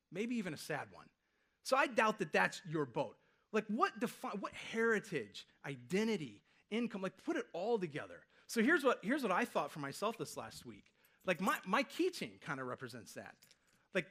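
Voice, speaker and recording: Animated man preaching to a congregation. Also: fairly high pitch. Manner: conversational, animated preaching with rhetorical questions. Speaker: pastor. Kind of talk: sermon. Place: church stage before a congregation.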